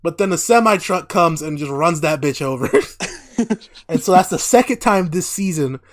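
Animated, foul-mouthed man recapping a show. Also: on the high side, moderate pace. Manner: animated, laughing, heavy swearing. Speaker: podcast co-host. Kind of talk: casual profane recap chat.

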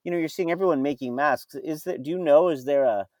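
A man talks casually and keeps stopping and starting as he asks his questions. His voice sits a little high and sounds close and dry, with almost no room echo. He comes across as loose and conversational. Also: darkish tone. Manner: halting, questioning. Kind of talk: casual podcast chat.

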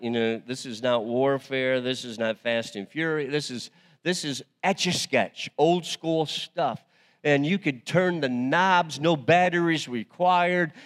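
A man preaching a sermon as pastor, moving from hushed, low passages to loud, emphatic climaxes and repeating phrases for effect. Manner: swings from quiet and low to loud, emphatic rises; repeats phrases for emphasis, invites call-and-response. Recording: reverberant hall.

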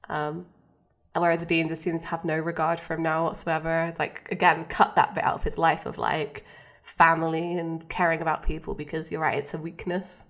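A woman's voice: low voice, level tone, normal speed, a bit bright. A woman co-hosting a podcast, recapping a TV episode in a chatty, casual way with lots of fillers. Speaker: podcast co-host.

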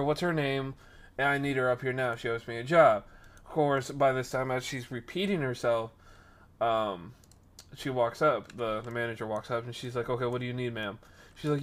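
A young man casually telling a workplace story on a stream, acting out the people in it and getting loud at times. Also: mid-range voice, normal speed. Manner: animated, acts out quoted voices, rises to loud outbursts.

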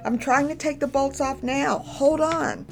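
A frightened young farm girl, as a woman narrator puts her on, her voice pushed high and urgent, near tears. She calls out with a shaky, pleading edge in a spoken storybook, soft music faint behind. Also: steady tone, measured pace, vocal fry. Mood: tearful.

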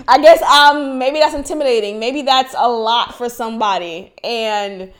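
A woman's voice: on the high side, normal speed, few pauses. A young woman from Haiti hosting a podcast, talking frankly and animatedly about her life, laughing often and swearing freely. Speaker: podcast host. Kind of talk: candid personal podcast monologue.

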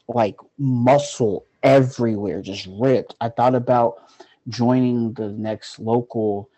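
A man's voice: medium pitch, dark tone, husky. A man telling a personal story in a loose, casual way, with lots of "like" fillers. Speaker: guest.

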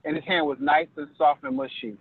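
A man's voice: fairly high pitch, steady tone, a little fast, husky. A man co-hosting a casual political chat, cutting in with joking and contrarian remarks. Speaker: podcast co-host. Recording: tinny phone line.

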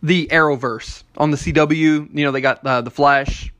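A man with a Kentucky accent hosting a casual interview, easygoing and quick to laugh. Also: a little high, fairly even intonation, a bit bright, slight background noise. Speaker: host.

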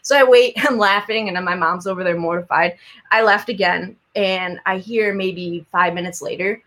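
A woman's voice: medium pitch, moderate pace, a bit bright. Young woman telling stories with a laugh. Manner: storytelling, self-deprecating, laughs often. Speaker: muralist guest. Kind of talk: casual interview.

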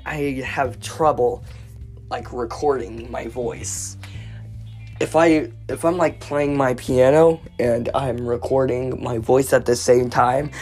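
A young woman with a low voice talks slowly through a rambling home podcast, stuttering and repeating herself. She mocks herself and swings from loud outbursts to mumbles. Faint music plays beneath her. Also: steady tone. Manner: self-mocking, jumps between loud outbursts and mumbling. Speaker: podcast host. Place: home recording studio room with her dog.

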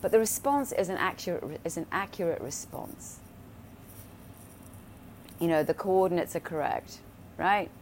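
A woman's voice: fairly low pitch, moderate pace, pauses often, a little hiss or hum. A woman in casual spiritual talk, blunt and profane, often checking in with "right?" and "you know". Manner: blunt and profane, acts out quoted voices.

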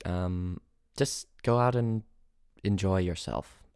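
A young man in his twenties rants alone on his podcast, rambling and teasing himself. His voice is low and unhurried, and the sound is close and dry. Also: a little mellow, clean tone, no echo. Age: 20s. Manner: rambling, playful, self-mocking. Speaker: podcast host. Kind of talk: solo podcast rant.

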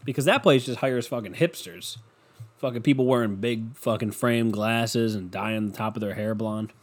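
A man's voice: on the low side, normal speed. Profane sarcastic young man rambling. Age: 20s. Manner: sarcastic, profane, self-mocking. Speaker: solo podcaster. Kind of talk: rambling casual monologue.

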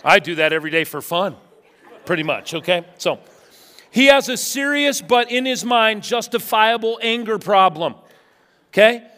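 A man with a notably high voice delivers a lively sermon in a church sanctuary. He tells stories with humor and swings from near-shouts to quiet, pointed remarks. His voice rings out with the long reverb of a big hall. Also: moderate pace, some chatter behind. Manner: animated storytelling with humor, swinging from loud to hushed. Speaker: pastor.

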